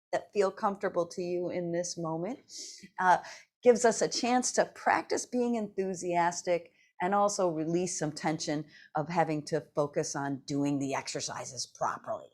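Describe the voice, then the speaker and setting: A middle-aged woman leading a seated exercise class. She talks slowly and gently, and she laughs often between her cues. Her voice sits at a middle pitch. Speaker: fitness instructor.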